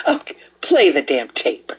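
A woman's voice: low-pitched, husky. A female co-host in casual chat, wisecracking and laughing easily.

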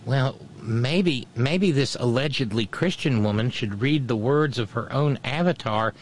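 A man's voice: mid-range voice, a little slow. A man with an ordinary mid-range voice delivers a scornful commentary monologue. He sneers at his targets with dry, mocking asides. A faint hiss of noise sits under his voice. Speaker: political commentator.

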